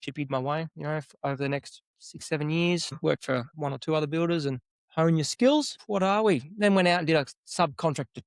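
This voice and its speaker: Laid-back Australian builder talking. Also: male voice, a little high, a little fast, clean tone, no echo. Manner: laid-back, easygoing, with many fillers. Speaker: builder, podcast guest. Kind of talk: casual interview chat.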